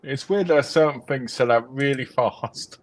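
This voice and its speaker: A man's voice: medium pitch, moderate pace. A man co-hosting a livestream in casual chat, reacting and thinking aloud as he searches. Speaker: co-host of a film collecting livestream.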